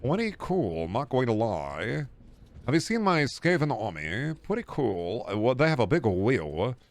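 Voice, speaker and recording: A man putting on the slow, quiet voice of an awkward nerdy man showing off his miniatures. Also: mid-range voice, sing-song, no echo.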